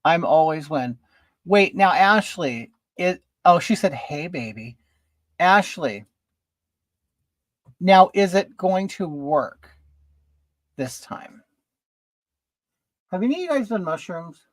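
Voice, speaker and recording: A man's voice: high-pitched, very animated, takes it slowly, long pauses, no room sound. A man hosting a casual livestream from home while doing his makeup, chatting and greeting viewers by name. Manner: chatty, reads viewer comments aloud and greets them. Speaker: livestream host.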